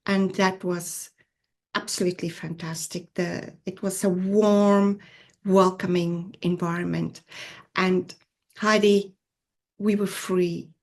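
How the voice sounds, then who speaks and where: Slow-spoken South African woman. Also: lowish voice, level tone. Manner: earnest, reflective, with soft laughs. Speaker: podcast guest. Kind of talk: personal storytelling interview.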